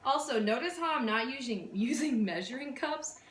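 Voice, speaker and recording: A woman's voice: high-pitched, animated, normal speed. A woman chatting through a casual cooking vlog in her home kitchen, rambling and poking fun at herself as she gets flustered. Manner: rambling, self-deprecating, flustered. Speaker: vlogger cooking on camera. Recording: echoey room with clear background noise.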